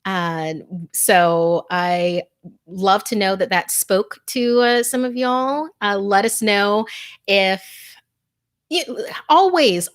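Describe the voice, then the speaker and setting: A woman hosting a live stream, chatting casually and gushing over viewer comments with lots of fillers. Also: mid-range voice. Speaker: host.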